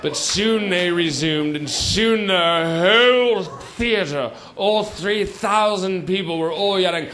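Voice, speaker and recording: A crowd murmurs in the background as a man with a fairly high voice performs a comic monologue on stage, unhurried and with few pauses. He's a stand-up comedian playing a rambling old British chap who pads every line with "you see" and "sort of," in a noisy live theater recording.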